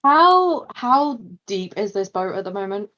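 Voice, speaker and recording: A woman's voice: mid-range voice, very animated, measured pace, bright, forceful tone. A woman playing a tabletop game, blunt and cheerful, swearing often. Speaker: player. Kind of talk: casual tabletop game chat. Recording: slightly dull lo-fi mic.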